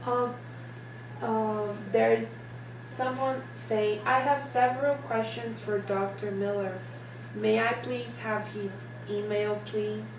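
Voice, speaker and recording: A woman passes the audience's questions on to a speaker, slowly and with plenty of hesitant fillers. She sounds far from the mic in an echoey room, with a hum underneath. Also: fairly high pitch, steady tone. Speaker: moderator relaying questions. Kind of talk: relaying questions.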